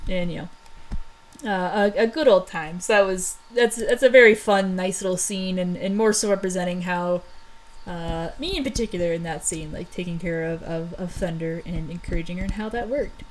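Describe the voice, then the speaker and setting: A woman casually recapping old stories, rambling with lots of fillers and quick laughs. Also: lowish voice, rough recording. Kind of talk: casual chat.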